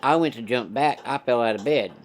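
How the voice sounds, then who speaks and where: A man's voice: mid-range voice, fairly quick, a little hiss or hum. A man telling a casual story in a folksy, profane, laid-back way.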